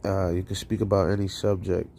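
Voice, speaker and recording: A man's voice: low voice, flat delivery, brisk, creaky, mellow, a little hiss or hum. A man hosting a call-in livestream, rambling casually with profanity and frequent laughter. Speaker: call-in show host.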